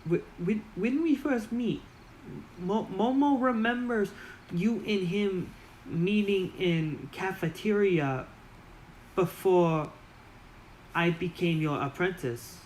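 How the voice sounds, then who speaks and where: A man's voice: high voice, slow, darkish tone, slight background noise, voice pushed up, poor audio. A man voicing a hungry, childlike male goblin apprentice who talks about himself in broken third person. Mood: puzzled.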